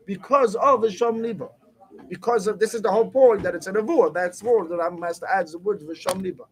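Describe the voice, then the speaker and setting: A man's voice: high-pitched, fairly quick, low-quality recording. A man teaching a Torah class, reading the text aloud, then asking and answering his own questions.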